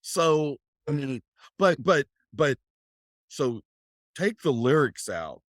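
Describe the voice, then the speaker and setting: Casting: slow-talking man, casual podcast co-host, halting and full of restarts, dry close sound. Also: on the high side, sing-song, dry recording. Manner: halting, many restarts, drinking beer. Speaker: podcast co-host, guest Tim.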